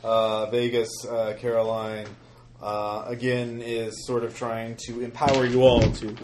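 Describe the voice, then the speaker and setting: A man running a tabletop game, his narration halting and full of fillers. The recording carries a noticeable hiss under his middle-pitched voice. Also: flat delivery, darkish tone. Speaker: game master. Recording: noisy room recording.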